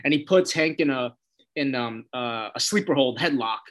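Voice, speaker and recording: A man's voice: medium pitch, animated, normal speed, a bit bright. A man hosting a casual, profanity-laced spoken recap of a TV episode, with a loose, chatty delivery and quoted lines acted out in different voices. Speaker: show host recapping a TV episode.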